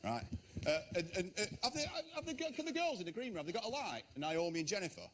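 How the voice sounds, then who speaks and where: A man's voice: sits high, sing-song, fast talker, a bit bright, slight background noise. A man appearing as a guest on a talk show, jokey, with lots of laughter and a voice that swoops around. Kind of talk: playful studio chat.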